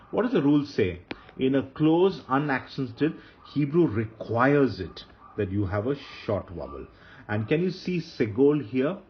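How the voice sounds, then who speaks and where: Man lecturing with lively emphatic pitch. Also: dull audio, a little hiss or hum. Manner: slow, repeats key rules for emphasis. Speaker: teacher. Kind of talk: slide-based grammar lecture.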